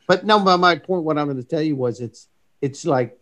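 A man's voice: a little high, normal speed, fairly bright tone. A middle-aged man who works as a golf coach, talking bluntly and emphatically in a casual podcast chat, swearing freely.

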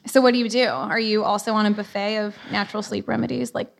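A woman's voice: medium pitch, steady tone, fast talker, gravelly. A woman hosting an onstage interview, chatty and self-deprecating. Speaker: host interviewer.

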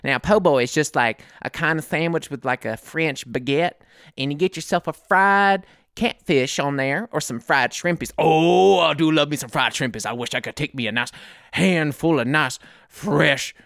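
A man putting on a slow, low-voiced sidekick from Louisiana who drawls his words out. The voice is gravelly with fry and recorded dry and close. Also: fairly bright tone, no echo. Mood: savoring. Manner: low, drawn-out folksy drawl. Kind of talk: comedy sketch.

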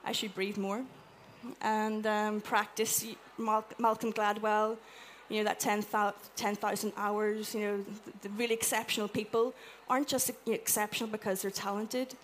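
A woman with an Irish accent giving a chatty, animated talk to a live audience, acting out little quotes as she goes. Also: medium pitch, moderate pace, hardly any pauses, slight background noise. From Ireland. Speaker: conference speaker. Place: event room with an audience.

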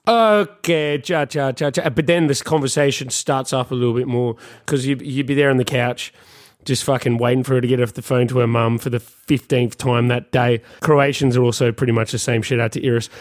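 A man's voice: medium pitch, little pitch movement, fairly quick. A man co-hosting a comedy podcast, telling a story animatedly and imitating voices. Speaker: podcast co-host.

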